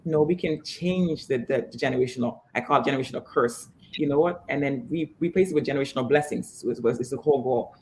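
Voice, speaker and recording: A woman's voice: very deep voice, a little mellow, slight background noise. A woman fitness trainer speaking as an interview guest, emphatic and motivational, over a video call. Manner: emphatic, motivational, fast restarts.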